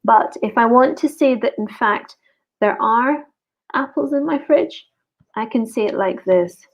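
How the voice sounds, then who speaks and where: A woman teaching an online grammar lesson, slowly repeating each example sentence. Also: a little high. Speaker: English teacher. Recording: dull lo-fi recording.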